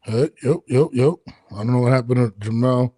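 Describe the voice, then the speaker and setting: A man's voice: medium pitch, moderate pace, warm tone, no room sound, clean studio sound. A man hosting a casual podcast interview, talking loosely with many restarts and fillers. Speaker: podcast host. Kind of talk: casual video-call interview.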